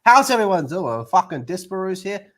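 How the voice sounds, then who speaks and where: A man's voice: high voice, sing-song, normal speed, fairly bright tone. A young man streaming, chatting and ranting in a casual, profane way.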